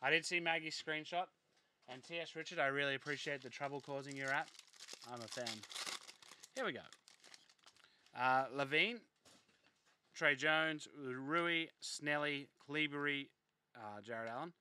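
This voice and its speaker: A man's voice: on the high side, unhurried, long pauses, sharp tone, a little hiss or hum. A young man hosting a live card break, reading off player names and chatting casually with viewers.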